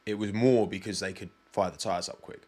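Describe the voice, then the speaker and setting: A young British man with a British accent hosts a podcast, chatting loosely and directly with his live chat in a casual solo session full of self-deprecating asides. His voice is lowish, darkish, and steady, with a brisk pace.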